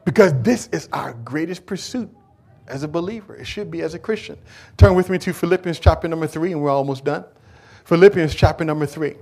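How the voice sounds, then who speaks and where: A man preaching a church sermon, moving from quiet, conversational talk to loud call-and-response questions. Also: on the high side, fairly quick. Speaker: pastor. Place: church service.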